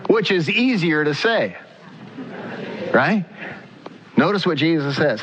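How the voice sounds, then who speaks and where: A man's voice: a little high, animated, a little slow, long pauses, fairly bright tone. A male pastor preaching a sermon in an earnest style, putting questions to the congregation. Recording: muffled sound with long church reverb.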